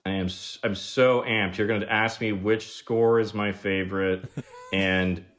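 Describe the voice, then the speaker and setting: A man guesting on a podcast, telling stories in a casual, animated way, saying "like" a lot and acting out the people he quotes. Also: lowish voice, measured pace. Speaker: guest screenwriter.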